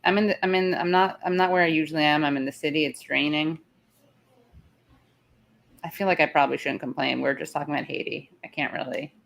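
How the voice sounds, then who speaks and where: This talk-show host is live from the city instead of her usual place, rambling chattily, breaking off mid-thought and saying how tired she is. Her voice is low and fairly bright with vocal fry, brisk pacing and fairly even intonation.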